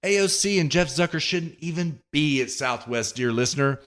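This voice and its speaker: A man's voice: a little high, lively intonation, normal speed, fairly bright tone. A man hosting a political commentary podcast, reading news excerpts aloud and reacting with sarcastic indignation. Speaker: podcast host.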